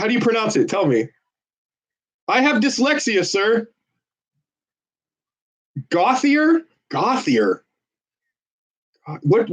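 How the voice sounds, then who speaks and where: A man with a high, slightly rough voice volunteers on a phone bank, livestreaming casually as he calls people. He jokes and persuades callers and viewers in a salesman style, heard through dull, lo-fi audio.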